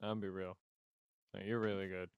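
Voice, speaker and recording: A young man co-hosting a podcast, talking in a low-key, teasing, casual way. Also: little pitch movement, fairly quick, clean tone, no echo, phone-quality sound. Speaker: podcast co-host. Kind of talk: casual chat.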